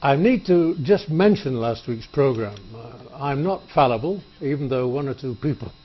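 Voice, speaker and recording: A man hosting a studio talk show, chatty and joking, with many halting fillers. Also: mid-range voice, lively intonation, breathy edge, highs cut off. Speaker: TV show host. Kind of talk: public-access studio interview. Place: TV studio table.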